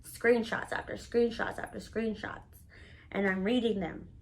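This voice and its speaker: A woman telling a personal story to camera in a casual, candid, profane manner, animated and dramatic. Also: on the high side, a little slow, poor audio. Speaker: storytelling vlogger.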